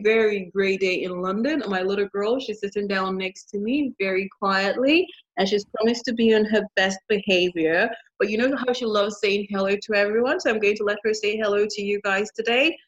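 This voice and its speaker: A woman hosting a podcast in a casual, chatty way, talking straight to her listeners. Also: medium pitch. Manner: chatty, friendly, talks to listeners directly. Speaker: podcast host. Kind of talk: casual chat. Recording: dull, lo-fi sound.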